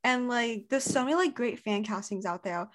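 A woman's voice: fairly high pitch, moderate pace, a bit bright. A woman hosting a casual fan chat. She talks in a gushing way, full of fillers.

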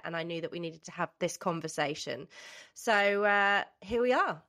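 A woman's voice: medium pitch, expressive, moderate pace, a bit bright. A woman hosting a podcast interview, bubbly and gushing, sounding nasal from a cold. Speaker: podcast host.

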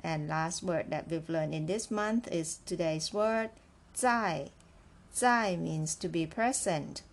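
Woman, language teacher, slow and deliberate, repeats each phrase three times. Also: lowish voice. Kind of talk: slow, clear language lesson.

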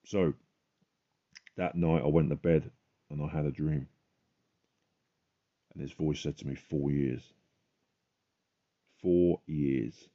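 Male podcaster, booming low voice, preaches with fervent emphasis; muffled home recording. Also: steady tone, slow, pauses often. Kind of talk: religious testimony monologue.

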